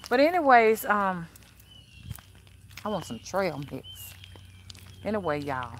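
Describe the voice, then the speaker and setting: An older woman speaks outdoors in a blunt, preachy way, often stumbling over her words with fillers and restarts. Her voice sits in a middle pitch, and faint outdoor noise can be heard behind her. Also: sing-song, takes it slowly. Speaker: spiritual advisor. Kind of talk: casual livestream talk.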